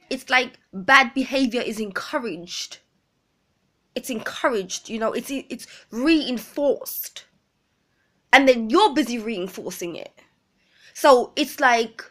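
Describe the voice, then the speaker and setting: A woman speaking earnestly in a personal confessional vlog, pausing often. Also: a little high, fairly bright tone. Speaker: vlogger.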